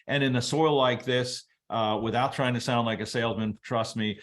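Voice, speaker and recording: A man presenting a webinar, explaining soil biology at a relaxed teaching pace with casual asides. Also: medium pitch, moderate pace. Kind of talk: explaining soil science to an audience.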